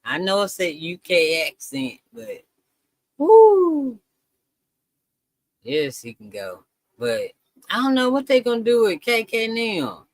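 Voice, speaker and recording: A man's voice: a little high, sing-song, measured pace, a bit bright, no echo. A man chatting casually to his viewers during a live reaction stream, talking to them as "y'all".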